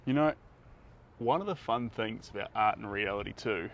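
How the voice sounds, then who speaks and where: A man's voice: on the low side, normal speed, muffled recording. A man with a New Zealand accent chatting casually to his viewers as he paints, rambling from one thought to the next. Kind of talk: live painting stream chat. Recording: outdoor noise with passing traffic. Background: outdoor ambience and vehicles.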